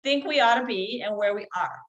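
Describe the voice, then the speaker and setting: A middle-aged woman guest on a podcast, talking in an earnest coaching tone and slowing down to stress key phrases. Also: on the high side, highs cut off. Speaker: guest healer. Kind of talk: conversational podcast interview.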